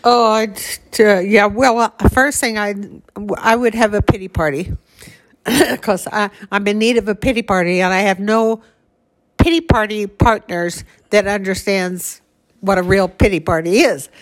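Older woman, average pitch, fond chatty recollection with frequent laughs. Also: a little slow. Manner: reminiscing, laughs often. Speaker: grieving daughter recalling her mother. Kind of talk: casual conversation.

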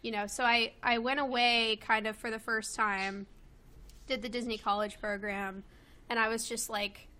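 A woman in her twenties from Kentucky talks casually at home, piling up fillers and quick laughs. Her voice sits a little high and sounds bright and forward. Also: little pitch movement. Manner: chatty, many fillers and laughs. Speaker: guest. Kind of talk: casual chat. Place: home with a loud pet bird.

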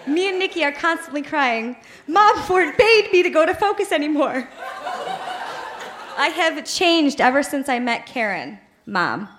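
High-voiced woman reading her teen diary. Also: expressive, measured pace, a bit bright, a little hiss or hum. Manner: dramatic, earnest reading with laughter in the voice. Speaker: reader on stage. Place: live show in a bar venue.

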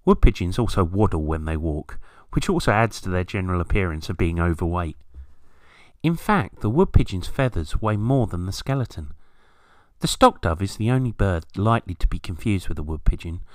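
An expressive British man with a low-pitched voice narrates a scripted podcast on garden birds at normal speed, with no echo. He takes a wry, storytelling approach and adds playful asides.

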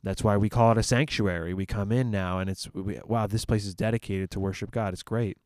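Low-voiced man talking faith casually. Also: fairly even intonation, brisk, a little mellow, no echo, studio quality. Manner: conversational, thinks aloud with fillers and restarts. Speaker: church minister.

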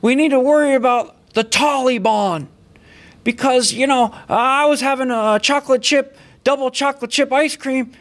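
A man doing a high, mumbly impression of a rambling elderly male president. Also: normal speed, a bit bright.

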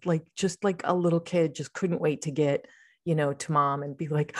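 A woman's voice: sits low, steady tone, moderate pace. A middle-aged woman co-hosting a podcast, talking casually and rambling with lots of fillers and restarts. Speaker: psychic podcast co-host. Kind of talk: casual chat.

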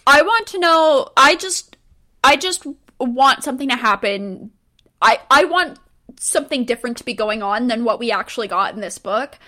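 A woman's voice: fairly high pitch, expressive, moderate pace, sharp tone. A woman co-hosting a casual book podcast, blunt, profane and sarcastic. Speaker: podcast co-host.

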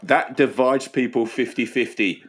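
A man's voice: mid-range voice, measured pace. A man from Australia co-hosting a comedy podcast, dry and self-mocking, easygoing. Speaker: podcast co-host and author. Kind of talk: casual comedy chat.

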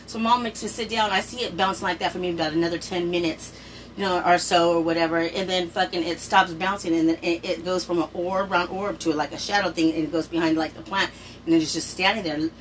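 A middle-aged woman casually telling a personal story, animated and swearing freely, her voice jumping up in pitch when she quotes people. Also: quick pace, recorded from a distance, slight background noise, rough recording. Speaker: storyteller recounting a personal experience.

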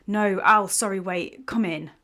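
A woman's voice: mid-range voice, measured pace, bright, forceful tone. A woman voicing a young woman in a storybook romance, exasperated at first and sad underneath. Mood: snippy. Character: young woman, frustrated then tender.

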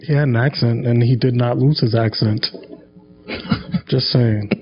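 A man's voice: medium pitch, steady tone, unhurried. A man in casual chat about movies, chiming in with short, plain remarks. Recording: dull lo-fi recording.

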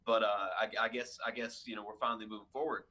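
Young minister man with a bright, husky voice, chatty storyteller. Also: on the low side, fast. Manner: chatty, animated retelling with fillers and restarts. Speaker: youth minister. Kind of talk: casual storytelling.

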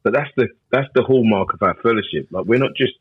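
A man who pastors and sings gospel, talking in a relaxed but insistent way and often asking "you know what I'm saying". His voice is husky. The sound is dry and a little muffled. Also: lowish voice, fast, no echo. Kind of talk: casual conversation.

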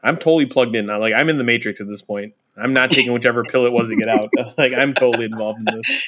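Guy cohosting a podcast, talks super fast, rambles and swears a lot. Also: mid-range voice, a bit bright, a little hiss or hum. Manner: rambling, swears freely, tells stories. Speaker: podcast co-host. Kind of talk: casual podcast chat. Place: Chicago area.

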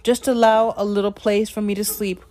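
A woman voicing her kind, protective brother who reassures her gently. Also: mid-range voice, level tone, brisk, lightly acted. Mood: tender.

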